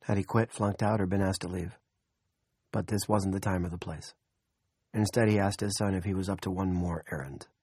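A man narrating an audiobook in a steady, measured storytelling manner. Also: low-pitched, husky, no echo, studio quality.

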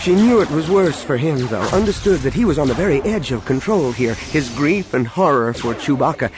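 A man narrating an action novel in a dramatic, expressive storytelling manner. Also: fairly high pitch, normal speed, noisy background. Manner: expressive storytelling with acted voices. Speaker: audiobook narrator. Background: cinematic music.

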